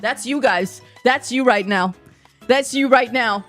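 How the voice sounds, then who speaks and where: A brash, scoffing American caricature, put on by a woman streamer rambles and mocks in a loud, rough-edged voice. Faint music plays underneath. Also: on the high side, a little slow. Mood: mocking.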